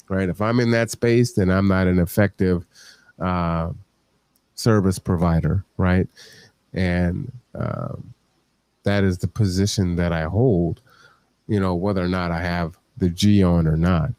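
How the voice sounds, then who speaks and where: A man's voice: deep voice, dark tone, dry recording. A man hosting a podcast, talking in a reflective, conversational way and often checking in with the listener. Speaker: podcast host. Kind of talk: reflective casual talk.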